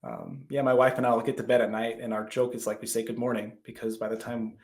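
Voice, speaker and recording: A podcast guest in his thirties, this man speaks fast in a medium-pitched voice. He chats casually, telling stories with animation and acting out his own quoted lines.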